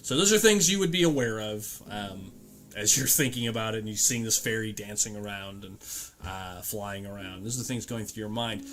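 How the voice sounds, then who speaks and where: A man narrating as game master in a casual tabletop game, pausing often with fillers. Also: on the low side. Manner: relaxed, halting narration with many fillers.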